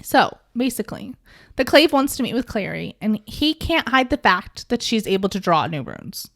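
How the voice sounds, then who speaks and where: A woman's voice: mid-range voice, very animated, normal speed, creaky, a bit bright. A woman hosting a casual book podcast, recapping chapters in a playful way with jokes. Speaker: podcast host.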